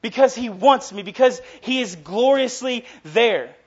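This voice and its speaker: A man's voice: very high voice, animated, measured pace, breathy edge, lo-fi sound. A young man in his twenties preaching a casual, earnest sermon that swells into passionate emphasis. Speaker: youth preacher.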